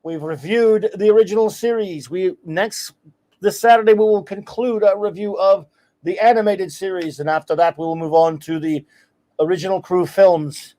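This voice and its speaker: A man hosting a casual livestream, talking in an enthusiastic, rambling way and giving effusive shout-outs. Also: fairly high pitch. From United States. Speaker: host.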